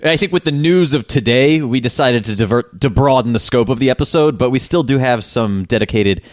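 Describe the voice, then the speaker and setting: A man's voice: mid-range voice, fairly quick, no echo. A male podcast host talks casually, often hesitating and restarting, with good humor. His voice sits in the middle range. The recording is dry and close-miked.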